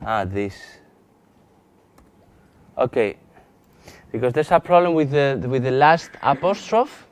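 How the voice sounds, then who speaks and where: A man with a Spanish accent teaching a live software training lesson, halting often with restarts and fillers as he demonstrates on screen. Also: mid-range voice, lively intonation. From Spain. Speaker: GIS instructor.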